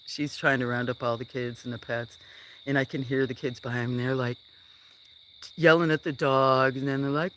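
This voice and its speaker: A farm live streamer chatting outdoors at night, rambling through stories and often dropping to a hush. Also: mid-range voice, normal speed, a little hiss or hum. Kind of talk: casual live-stream chat. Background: crickets chirping.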